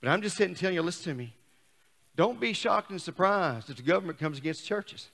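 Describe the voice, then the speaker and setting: A man in middle age preaching a sermon as pastor, shouting at times and dropping to a hush. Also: high-pitched, expressive, a little fast, gravelly. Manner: shouts and swings between loud and hushed. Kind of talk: fiery sermon. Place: church sanctuary. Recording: long church reverb.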